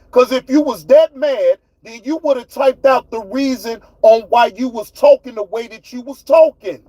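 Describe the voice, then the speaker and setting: A man's voice: very high voice, moderate pace, hardly any pauses, a little mellow, low-quality recording. A man with hosting his own livestream, ranting at his chat in a fiery, profane way. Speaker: livestream host. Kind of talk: heated livestream rant.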